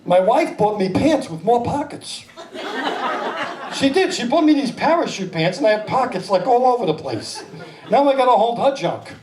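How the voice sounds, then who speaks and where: A male stand-up comedian in his fifties with a high, lively voice, jumping into silly voices. He sounds a little far from the mic. An echoey club and a laughing crowd sit behind him. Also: normal speed. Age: 50s. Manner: animated, slipping into exaggerated voices. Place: small comedy club stage. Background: audience laughter.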